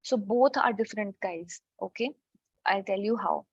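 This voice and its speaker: A woman's voice: medium pitch, moderate pace, gravelly, slightly rough, dry recording. A woman teaching French in an online class, explaining step by step and checking in with "okay" often. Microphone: video call. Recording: dull lo-fi online call audio.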